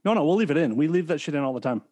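A man's voice: a little high, expressive, darkish tone, dry recording. Crude, joking male podcast host. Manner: crude, joking, quick banter. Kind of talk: casual podcast chat.

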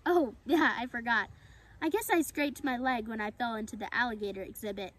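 A woman's voice: on the high side, a little fast, a bit bright. A woman voicing an earnest, anxious young male fawn in a storybook reading.

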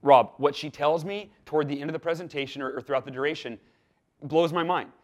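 Animated man telling a story. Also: on the high side, fast. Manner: animated, acts out quoted dialogue with lively swings in loudness. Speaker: podcast guest. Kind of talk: storytelling in a conversational interview.

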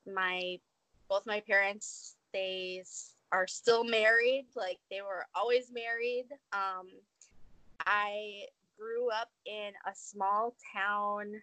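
Bright, unhurried young woman from Minnesota. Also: medium pitch, dry recording. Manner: laughs often, chatty with fillers. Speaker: podcast guest. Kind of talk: casual interview chat.

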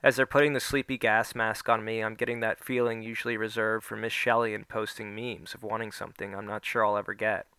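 A man's voice: level tone, a little fast, hardly any pauses, sharp tone, clear, resonant tone, no echo. Man reading a first-person story. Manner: voices the characters with small pitch shifts. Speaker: narrator.

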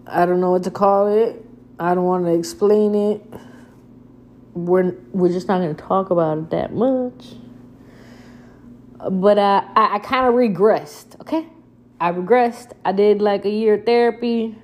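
A young woman chatting to her viewers as if to a close friend, relaxed and candid, with a casual curse here and there. She acts out her own past lines, jumping much higher in pitch when she quotes herself. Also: a little slow, long pauses, lo-fi sound. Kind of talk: casual storytelling to camera.

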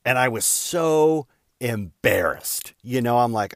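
A man's voice: mid-range voice, animated, slow. A man hosting a show, telling a casual story in a rambling, self-deprecating way with lots of fillers. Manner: rambling, frequent fillers and "da, da, da" asides.

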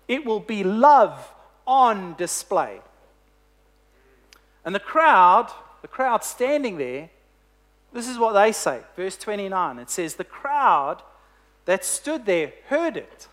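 Slow, animated preacher. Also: medium pitch. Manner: emphatic storytelling with slow, deliberate phrasing. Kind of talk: sermon.

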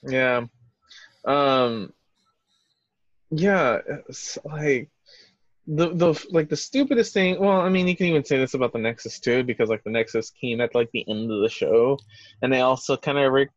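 A man's voice: mid-range voice, no echo, dull audio. A man co-hosting a wrestling podcast, rambling through casual chat with lots of fillers and restarts. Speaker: podcast co-host.

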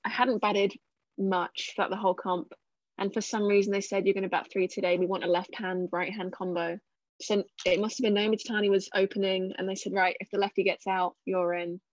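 A woman's voice: mid-range voice, flat delivery, a little fast, no echo, muffled recording. A woman in her twenties from England, chatting casually as an interview guest, with plenty of fillers and a self-deprecating way of telling it. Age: 20s. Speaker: cricketer guest.

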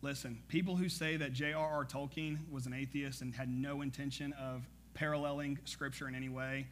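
A man preaching a sermon as pastor, energetic and conversational, with frequent asides to the congregation. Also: medium pitch, brisk.

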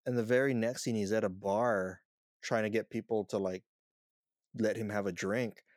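Brief: man, lower voice, podcast co-host reviewing films, dry close mic. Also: moderate pace, dry recording. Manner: animated, mocks scenes with quoted reactions. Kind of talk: casual movie review chat.

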